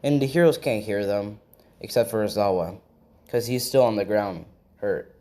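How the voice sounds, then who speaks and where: A man improvising a fan-made story out loud, chaining events loosely with many "and he says" links. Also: fairly low pitch, moderate pace.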